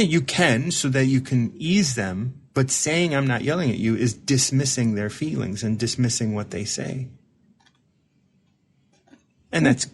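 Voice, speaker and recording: Male recovery mentor, husky, conversational, reflective, stumbles and repeats as he explains. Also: medium pitch. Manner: repeats and restarts words while explaining. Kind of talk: casual reflective talk with a caller.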